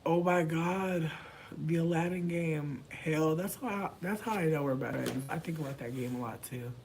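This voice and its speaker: A man chatting casually to camera, animated and profane, swinging from loud outbursts to mumbled asides. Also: fairly high pitch, normal speed, slight background noise. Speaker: vlogger.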